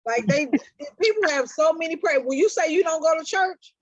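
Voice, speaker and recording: A woman's voice: very high voice, lively intonation, dry recording, muffled recording. A woman in a casual chat, teasing the others and restarting her words as she talks. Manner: teasing, quick, stumbling restarts.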